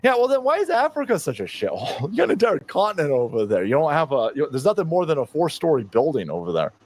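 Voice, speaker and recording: Sarcastic man in his fifties, lively. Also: a little high, quick pace, dry recording. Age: 50s. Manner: sarcastic, mocking, laughs often. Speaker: streamer commentator. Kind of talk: reaction commentary stream.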